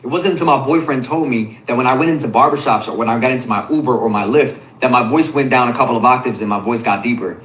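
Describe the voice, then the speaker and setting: A man tells a personal story to camera at a quick clip, reflective in tone. There is a noticeable echo around his voice. His pitch sits in the middle. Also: a bit bright.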